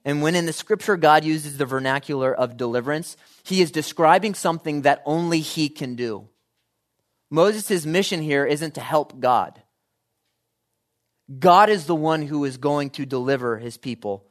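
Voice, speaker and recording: A man preaching a sermon, shifting from quiet, measured reading to loud, animated emphasis. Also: mid-range voice.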